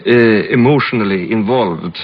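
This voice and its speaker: A man from Sweden, a film director being interviewed, speaking English with a Swedish accent and pausing often to find his words. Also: fairly low pitch, breathy edge. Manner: halting, searching for English words. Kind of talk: reflective interview storytelling. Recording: dull lo-fi archival recording.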